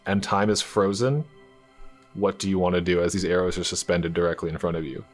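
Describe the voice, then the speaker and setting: A man narrating a tabletop game as game master, in a calm, descriptive storytelling manner. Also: deep voice, brisk, faint music behind.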